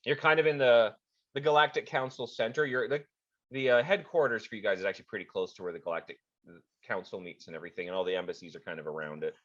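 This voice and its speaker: A man narrating as game master of a tabletop game, animated with frequent restarts, in a dull lo-fi recording. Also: fairly low pitch, fast talker.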